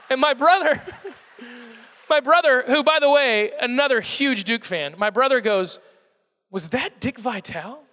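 Young male storyteller, high and bright, self-mocking and animated, heard in a reverberant hall. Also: a little slow, pauses often, smooth. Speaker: speaker addressing a live audience. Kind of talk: comic storytelling talk.

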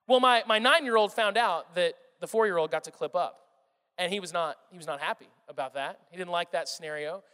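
A man in his thirties preaching a sermon, telling animated family stories and acting out his children's voices. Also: high voice, clean tone. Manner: animated storytelling, acts out his kids' voices. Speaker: pastor. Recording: reverberant hall sound.

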